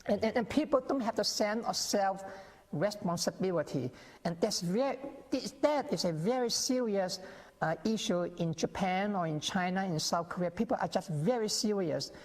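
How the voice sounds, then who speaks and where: A man's voice: sits high, animated, normal speed. Earnest male TV guest with stammered restarts. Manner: earnest, repetitive, frequent restarts and stammered words. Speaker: interview guest, author. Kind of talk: TV interview, explaining at length. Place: TV studio. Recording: reverberant TV studio sound.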